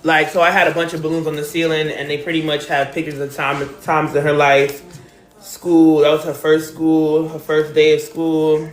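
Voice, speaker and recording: A woman's voice: low voice, flat delivery, moderate pace. A woman from New Jersey hosting a casual live stream from home, talking emotionally and directly to her viewers. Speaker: livestream host. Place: at home, decorated with balloons and pictures.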